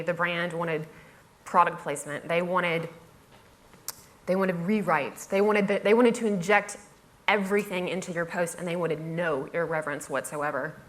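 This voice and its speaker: A woman's voice: on the low side, fairly bright tone. A woman blogger telling a humorous story on stage. She speaks with wry, self-mocking comic timing, laughs through her own asides and mimics other people's voices. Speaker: blogger giving a talk.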